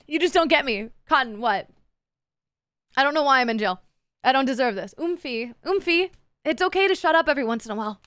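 A woman's voice: sits high, expressive, fairly quick, fairly bright tone, clear, resonant tone, no room sound, clean studio sound. A woman streamer chatting casually with her live chat, playful and teasing, swearing freely. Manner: playful, crude, swears a lot, teases chat.

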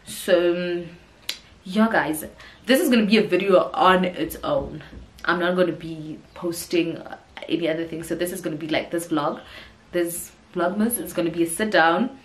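A woman's voice: fairly low pitch, normal speed. Chatty South African woman vlogger. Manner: chatty, says yo and guys a lot. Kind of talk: casual chat. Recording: echoey room.

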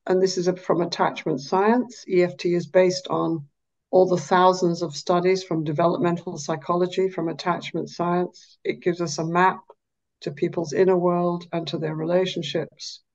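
A woman psychologist explaining her therapy in an interview, animated, sometimes dropping to a slow, soft, low voice to show how she talks to clients. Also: lo-fi sound. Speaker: psychologist and therapist, podcast guest.

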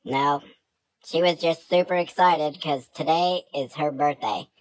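A woman telling a joking story straight to camera in a deadpan, playful way. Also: low voice, unhurried, no room sound, poor audio. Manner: deadpan, jokey. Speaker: vlogger. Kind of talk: comic monologue to camera.

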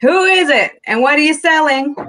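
A woman voicing an unhurried, laid-back youngest sister who speaks dryly in a storybook reading. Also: fairly low pitch, slightly rough, heavily acted. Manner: relaxed, dry, unhurried.

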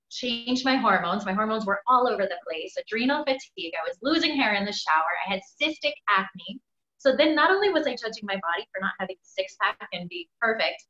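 A woman speaks candidly over a video call, her voice sitting a little high for a woman. The audio is echoey and dull, the kind of lo-fi sound a webinar gives. Her delivery is emphatic and frank. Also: fairly quick, fairly bright tone. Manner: candid, emphatic, swears freely. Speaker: webinar guest speaker, chiropractor. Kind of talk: personal story told on a webinar.

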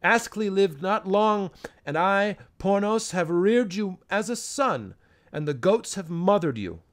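A man voicing a half-senile old goatherd who scolds and wails in a loud, trembling voice for an audiobook. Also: high voice, lively intonation, measured pace. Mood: fearful wailing. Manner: wailing, cursing, loud and trembling. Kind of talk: audiobook character voice.

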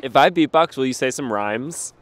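A man hosts a playful outdoor interview with a child, his voice bouncing up and down as he teases and reacts with big, exaggerated surprise. He speaks at a middling pitch, recorded outdoors in the snow. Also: expressive, moderate pace, a faint crowd, a little hiss or hum.

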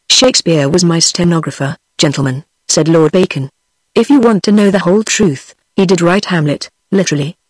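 British tts lady reading an audiobook, flat and steady, dead dry sound. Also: on the low side, slightly rough, no echo. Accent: British English. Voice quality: synthetic, even computer voice. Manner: steady reading that voices every character the same. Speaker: audiobook narrator. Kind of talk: text-to-speech book reading.

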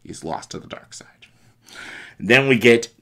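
A man casually retelling a story, animated, laughing and swearing as he goes. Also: medium pitch, a little slow, vocal fry. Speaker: video creator.

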